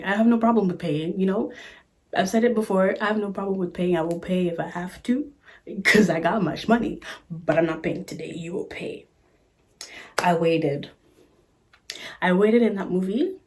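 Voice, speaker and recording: A woman's voice: on the low side, darkish tone, slight background noise. A woman vlogger telling a story in a casual chat, sassy and exasperated, recorded on a phone camera.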